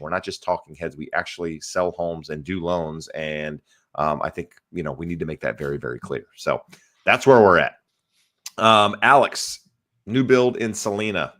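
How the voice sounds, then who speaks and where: Deep-voiced, chatty male podcast host. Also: fairly bright tone. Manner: upbeat, chatty, reads viewer questions. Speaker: podcast host, real estate agent. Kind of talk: casual live-stream hosting.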